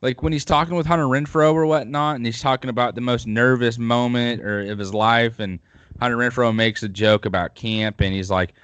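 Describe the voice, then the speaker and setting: A man's voice: medium pitch, fairly even intonation, brisk, a bit bright, smooth, dry recording. A man hosting a podcast, chatting casually and at length about football with opinionated rambling. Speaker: podcast host.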